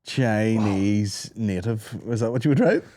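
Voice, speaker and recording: Lively man, podcast host. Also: on the low side, dry recording, clean studio sound. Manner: animated, swearing, quick to laugh. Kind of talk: casual comedic chat.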